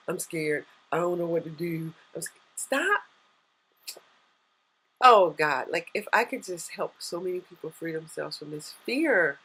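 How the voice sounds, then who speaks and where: A woman in her thirties, a life coach giving an earnest, faith-based motivational talk on a live stream, with excited bursts. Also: lowish voice, husky, poor audio.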